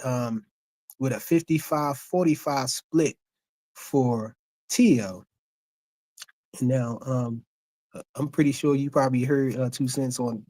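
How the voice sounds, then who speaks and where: Dark, dry-voiced male caller. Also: mid-range voice, dry recording. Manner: hesitant, many fillers. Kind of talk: casual call-in commentary.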